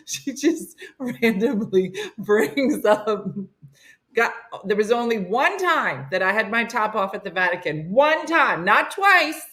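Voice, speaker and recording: A woman's voice: a little high, very animated, slow, fairly bright tone. Woman, morning show host, casual comedic chat, laughing, teasing. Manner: laughing, teasing, reads listener messages.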